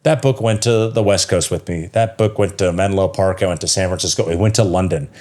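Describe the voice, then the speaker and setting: A man in his thirties with a notably low, deep voice, speaking as a guest on a casual podcast. He tells his story with passion and swears freely. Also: brisk, darkish tone. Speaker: podcast guest, yoga teacher and connection coach.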